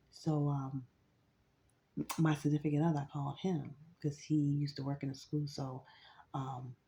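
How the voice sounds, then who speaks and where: Grandmother vlogger with a warm, dark, low voice, who tells a rambling story with lots of fillers. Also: vocal fry. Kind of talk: casual storytelling vlog.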